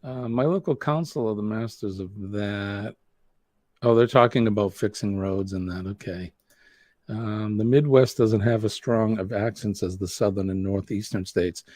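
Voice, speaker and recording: A man's voice: lowish voice, normal speed, darkish tone, dry recording, studio quality. A man hosting a live-stream show, chatting casually, laughing often and reading out comments from viewers.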